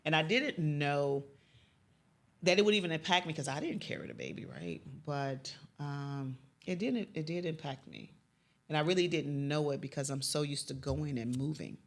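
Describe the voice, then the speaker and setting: Her deep voice is animated and moderately paced as this middle-aged West Side Chicago youth mentor shares a personal story of faith and loss in an emotional interview. When moved, she drops to almost a whisper.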